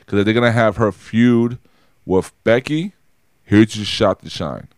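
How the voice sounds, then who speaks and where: A man's voice: lowish voice, measured pace, darkish tone, no echo, studio quality. A man co-hosting a podcast, talking casually about wrestling in a rambling way, with lots of restarts and repeated words. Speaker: podcast co-host.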